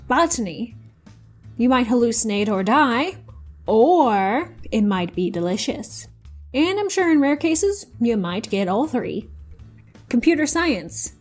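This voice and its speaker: A woman's voice: a little high, a little mellow. A woman reading out online posts and adding casual commentary, full of wry, playful sarcastic asides. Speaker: YouTube host.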